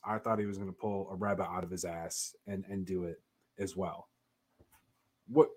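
A man on a podcast in loose, casual chat, telling a story with heavy emphasis and frequent swearing. He leans hard on his words to insist he is right. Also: fairly low pitch. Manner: animated, profane, emphatic storytelling. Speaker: podcast co-host.

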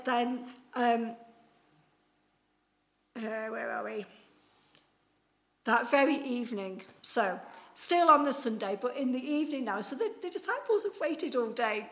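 Woman, preacher, fairly high voice, chatty storytelling sermon, acts out the characters. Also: rough recording. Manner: lively storytelling, acting out the people in the story; casual, chatty with fillers like "like" and "you know". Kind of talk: conversational Easter sermon.

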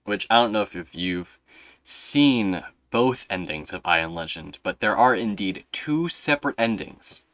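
A low-voiced young man with a bright, forceful tone talks through a casual podcast conversation. His storytelling rambles and runs on fillers, and the sound is dry and close. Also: expressive, unhurried, no room sound. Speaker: podcast host.

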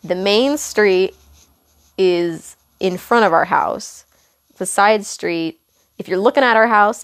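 A young woman hosts a podcast and tells a casual, meandering story, backtracking and correcting herself as she goes. Her pitch rises and falls a lot, and a gravelly fry runs under her voice. She fills her pauses with loose asides. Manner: rambling, self-correcting, lots of fillers and asides. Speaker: podcast host.

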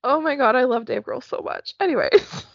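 A woman's voice: high voice, moderate pace, gravelly, no room sound. A woman from Canada co-hosting a podcast in casual chat, telling stories and giggling often. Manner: giggly, animated storyteller. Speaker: podcast co-host. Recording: dull, dry sound.

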